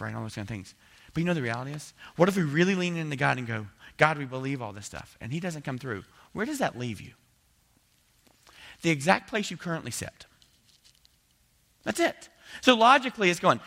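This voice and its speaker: A man's voice: fairly high pitch, very animated, a little fast, bright, forceful tone. A man preaching a conversational sermon in a church, voicing his listeners' doubts in quotes. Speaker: pastor. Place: church building. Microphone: handheld mic.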